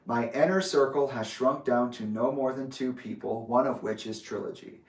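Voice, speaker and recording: A man reading his own letter aloud with asides, in a measured, deliberate way. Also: mid-range voice, darkish tone. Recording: roomy echo, distant from mic.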